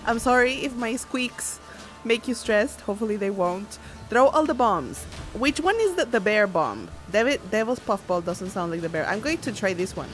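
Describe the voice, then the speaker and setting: A woman streaming a game, chatting with viewers and squealing when enemies attack. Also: medium pitch. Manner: chatty, giggly, reading chat aloud; bursts into squeals and shouts at enemies. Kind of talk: casual gameplay commentary. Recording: music playing behind.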